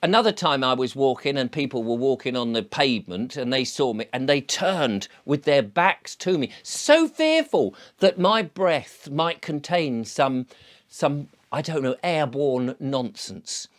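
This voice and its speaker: A man's voice: medium pitch, very animated, unhurried. A middle-aged man hosting his channel in a casual monologue, telling sarcastic stories and acting out scenes. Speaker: channel host.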